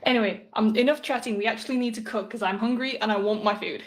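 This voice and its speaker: A woman with a fairly high voice chats her way through a cooking stream, rambling and giggling as she talks to her viewers. She wanders around the kitchen, so a phone mic catches her in an echoey room, sometimes from a little farther off. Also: fast. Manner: chatty, giggly, rambling asides to chat. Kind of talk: casual live-stream chat while cooking. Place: home kitchen. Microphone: phone mic, moving around away from it.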